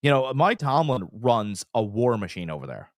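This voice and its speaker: Man, podcast co-host, animated, exaggerating, lively pitch, dry sound. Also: moderate pace, no room sound. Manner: animated, hyperbolic, jumps into little impressions. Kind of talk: casual sports betting chat.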